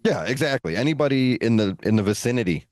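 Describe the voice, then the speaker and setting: A man co-hosting a podcast, telling a long story in an animated, relaxed way with playful asides. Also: mid-range voice, quick pace, no room sound, clean studio sound. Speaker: podcast co-host. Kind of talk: casual storytelling.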